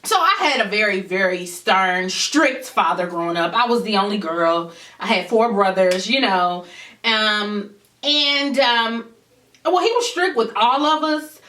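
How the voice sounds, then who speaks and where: Woman vlogger, storytime chat to camera, bright tone, echoey room. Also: medium pitch, measured pace, recorded from a distance. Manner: animated storytelling, addresses viewers directly; acts out others' voices in quotes. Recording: echoey room, voice a bit off-mic.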